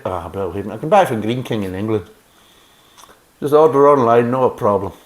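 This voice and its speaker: Sarcastic Scottish man, lively voice. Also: mid-range voice, fairly quick. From Scotland. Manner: sarcastic, blunt and swearing, reading the label aloud with mocking asides. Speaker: beer reviewer. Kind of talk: casual review chat.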